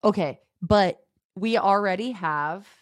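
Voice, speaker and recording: A woman's voice: mid-range voice, takes it slowly, no echo. A woman podcast co-host in casual chat, blunt and sarcastic, swearing freely.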